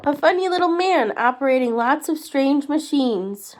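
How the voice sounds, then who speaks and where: A woman reading a children's storybook aloud in an expressive way, with small restarts. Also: sits high, moderate pace. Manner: expressive, with restarts and muttered asides.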